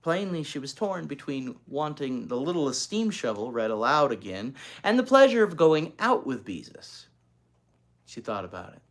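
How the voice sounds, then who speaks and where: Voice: mid-range voice, very animated, moderate pace. A reader narrating a children's chapter book aloud, adding chatty asides to young listeners. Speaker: storybook reader.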